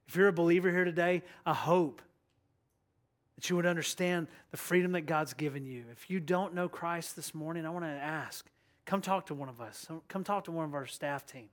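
A young man preaching a sermon as pastor, passionate and urging, dropping to a hushed voice when he tells a story or prays. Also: a little high, normal speed.

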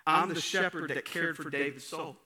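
A man's voice: fairly high pitch, fairly even intonation, normal speed, a crowd in the background. A man preaching a sermon, emphatic, repeating key phrases and asking the congregation rhetorical questions. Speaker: pastor.

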